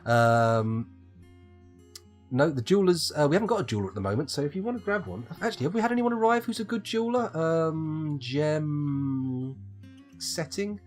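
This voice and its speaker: Male UK game streamer, rambling and chatty, very animated pitch, soft guitar bed. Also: normal speed. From United Kingdom. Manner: rambling, self-mocking, chatty with viewers. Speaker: live streamer. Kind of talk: live gameplay commentary.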